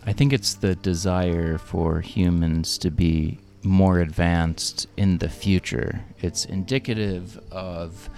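A man on a casual podcast explains his thoughts in a slow, measured way. His voice is very deep and full of gravelly fry. He takes his time with each phrase. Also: a little mellow. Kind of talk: casual chat.

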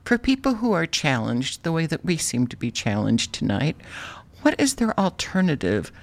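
Woman radio host, playful and silly, lively swooping pitch, laughs a lot. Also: normal speed. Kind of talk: playful radio show chat.

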